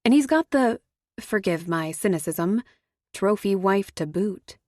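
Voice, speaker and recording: A woman's voice: mid-range voice, expressive, unhurried, darkish tone, dry recording. Dry, close female audiobook narrator. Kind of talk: first-person audiobook narration.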